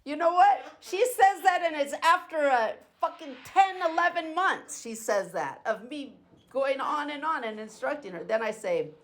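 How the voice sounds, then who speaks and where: A woman's voice: high-pitched, lively intonation, moderate pace, fairly bright tone. A middle-aged woman venting in a personal video diary, profane and sarcastic as she rants. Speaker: vlogger. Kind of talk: angry personal venting monologue. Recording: faint background noise and clicks.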